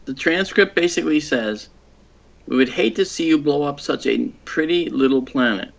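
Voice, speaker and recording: A skeptical, wry man as a guest in a casual chat, quick to jump in. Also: on the high side, vocal fry. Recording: dull lo-fi remote line.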